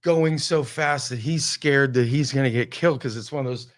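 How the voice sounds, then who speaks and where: A man telling a casual, animated comic story on a talk show, full of exasperation. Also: mid-range voice, normal speed.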